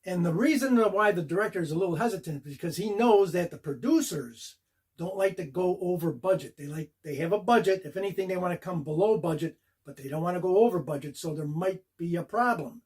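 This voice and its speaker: An older man, his voice husky and a bit high, talks a little fast as he shares an acting-career story directly to camera. Animated yet relaxed and personal, he walks through the action moment by moment, playing out each beat.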